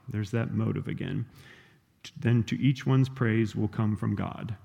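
Gravelly low-voiced man preaching. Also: a little slow, mellow, in a large hall. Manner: conversational teaching with frequent "right?" and fillers. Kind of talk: sermon.

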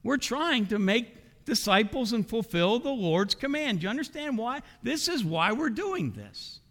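Man, pastor, sermon in a church, high voice, lively pitch. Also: unhurried. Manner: animated preaching, rhetorical questions to the congregation. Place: church sanctuary. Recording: long hall reverb.

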